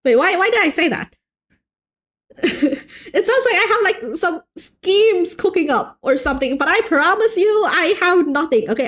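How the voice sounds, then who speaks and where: A lively young woman art streamer with a high voice chats casually while drawing. She's playful and animated, joking with chat and restarting often.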